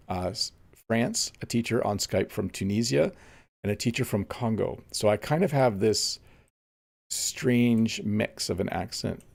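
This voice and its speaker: A man's voice: on the low side, vocal fry, a little mellow. A middle-aged man from Canada, an English teacher chatting casually through a live-streamed lesson while he plays a game and answers viewers.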